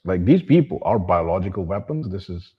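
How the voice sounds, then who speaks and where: A man's voice: deep voice, big pitch swings, brisk, slightly rough, highs cut off. A man vlogging a monologue to camera, ranting bluntly and with profanity, and talking about himself in the third person.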